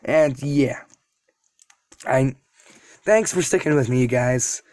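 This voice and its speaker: A man's voice: mid-range voice, slow, darkish tone, no room sound. A man retelling a fan story in a casual, rambling way, with self-deprecating asides to his viewers. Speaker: YouTube storyteller.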